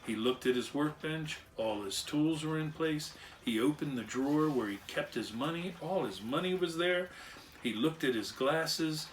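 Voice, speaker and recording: A man's voice: on the high side, expressive, moderate pace, recorded from a distance, slight background noise. A man reading a children's story aloud with expression, acting out animal and machine sounds along the way. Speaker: storyteller and clockmaker.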